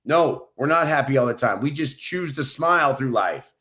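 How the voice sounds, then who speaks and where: A man's voice: medium pitch, animated, normal speed, a bit bright. A man from New Mexico co-hosting a podcast, giving an upbeat pep-talk in casual conversation. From New Mexico, USA. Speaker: podcast co-host.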